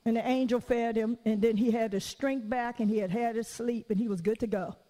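High-voiced woman preaching in reverberant hall. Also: fairly even intonation, a little fast, mellow. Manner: conversational, folksy, acts out quotes. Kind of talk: sermon. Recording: long reverb of a large hall.

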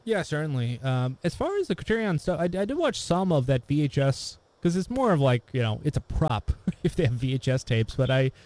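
A man talks in a relaxed, mellow voice, wandering through his thoughts with plenty of fillers and restarts. It is casual, unhurried chat between friends. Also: fairly high pitch, dry recording. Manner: rambling, hesitant, many fillers and restarts. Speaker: podcast co-host discussing films.

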